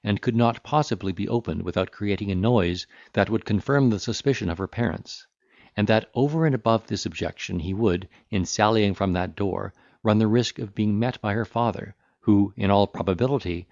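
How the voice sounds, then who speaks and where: A low-pitched man reads a classic novel aloud in a measured, formal way. The sound is dry and close with no room around it, and slightly dull, lo-fi in its frequency range. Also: darkish tone, dry recording. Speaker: audiobook narrator. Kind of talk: scripted narration of a classic novel.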